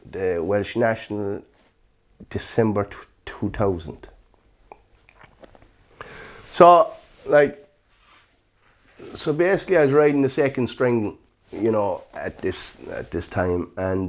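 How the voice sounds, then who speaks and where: A man, a former jockey recalling his racing days in a relaxed interview, full of "you know" and "sure, look". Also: on the low side. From Ireland. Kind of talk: casual reminiscing interview.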